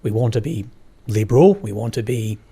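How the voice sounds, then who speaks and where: A man hosting a podcast, speaking in a measured, analytical way with hesitant restarts. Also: on the low side, lively intonation, vocal fry, mellow, slightly rough. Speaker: podcast host. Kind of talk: conversational interview.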